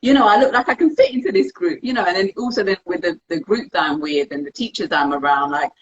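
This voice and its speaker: A woman's voice: fairly low pitch, fast talker, slight background noise. Candid young woman, lo-fi sound. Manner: candid, animated, acts out quoted thoughts. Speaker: interview guest, dance practitioner. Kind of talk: casual conversation. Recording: dull lo-fi sound.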